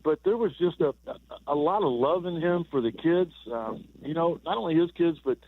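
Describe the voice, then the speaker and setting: A man's voice: a little high, animated, normal speed. Older man on a tinny phone line. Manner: rambling, repeats words, chuckles through anecdotes. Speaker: former baseball player guest. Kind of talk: phone-in storytelling on sports radio. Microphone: telephone.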